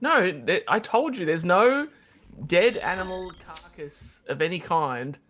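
A man's voice: high-pitched, animated, a little slow, a bit bright. A man guest in a casual chat, laid-back and teasing. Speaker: guest racer.

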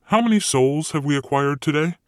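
A man's voice: a little high, lively intonation, brisk, no room sound, clean studio sound, voice pushed up, natural voice. A man voicing a confident, commanding male devil who is breezy but menacing in an audiobook. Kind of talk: audiobook character voice.

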